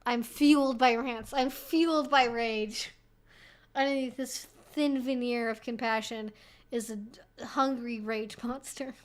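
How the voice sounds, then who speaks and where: A woman's voice: sits high, normal speed, a bit bright. A young woman hosting a casual live-stream Q&A, rambling and swearing freely, laughing often and sounding slightly tipsy.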